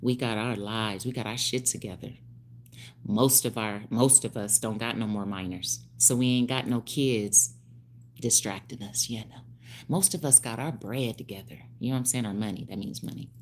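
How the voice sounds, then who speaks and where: A woman in her fifties, a hairstylist speaking on a phone livestream, animated and preachy with frequent laughs. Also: a bass voice, normal speed, slight background noise. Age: 50s. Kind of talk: casual livestream talk.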